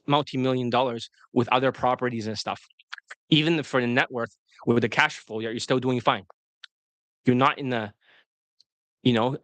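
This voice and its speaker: A man talking fast and rambling as a dating coach on a livestream, often breaking off mid-sentence. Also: mid-range voice, fairly bright tone, no room sound. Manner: fast, rambling, self-interrupting.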